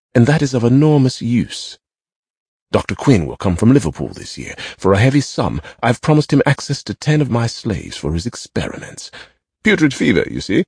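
A man's voice: on the low side, a little mellow, husky, no room sound, clean studio sound, voice pushed up, full character voice. A man voicing a haughty, mocking young plantation master who talks with cruel, theatrical scorn. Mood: callous.

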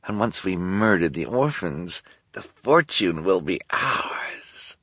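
A man's voice: fairly low pitch, sing-song, unhurried, breathy edge, no room sound, clean studio sound, exaggerated voice. A man voicing a scheming, bloodthirsty villainous woman in an audiobook, with gloating, hissing menace.

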